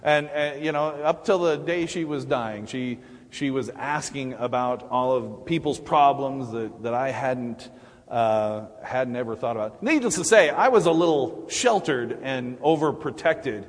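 A middle-aged man speaks from the pulpit of a church, his mid-pitched voice trailing into a long, ringing hall reverb. He talks in halting, searching phrases full of restarts and small fillers. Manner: halting, many restarts and fillers, warm laughs. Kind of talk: Mother's Day sermon. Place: church sanctuary.

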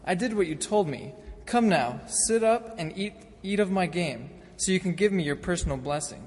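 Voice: mid-range voice, lively intonation, normal speed, a little mellow, natural voice. A scripture reader voicing Jacob, a scheming younger son, read in a plain, earnest way. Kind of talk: dramatic scripture reading. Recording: reverberant church hall.

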